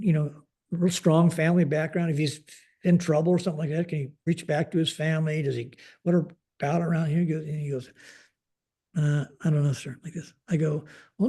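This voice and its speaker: A man's voice: a little high, breathy edge. An older man, a retired Air Force general, telling a story in a podcast interview and acting out the dialogue, with many fillers. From United States. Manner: animated retelling with acted-out dialogue, frequent fillers. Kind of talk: conversational storytelling.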